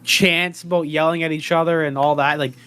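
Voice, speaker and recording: A man in casual podcast chat, excitable and joking. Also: on the high side, fairly quick, clear, resonant tone.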